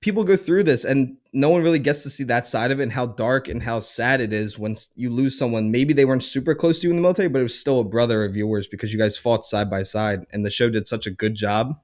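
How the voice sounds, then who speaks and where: A man's voice: medium pitch, fast, hardly any pauses, darkish tone. Twenty-something guy on a podcast, chatty and earnest. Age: 20s. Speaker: podcast co-host, army soldier. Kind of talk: casual podcast chat.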